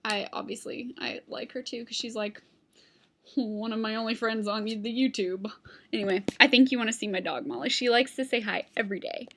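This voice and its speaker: A woman's voice: a little high, a little fast, fairly bright tone, slight background noise. A young woman chatting casually to her computer camera at home, rambling from one thing to the next and talking to her dog. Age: young adult. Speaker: vlogger. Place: at home, indoors. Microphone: computer webcam.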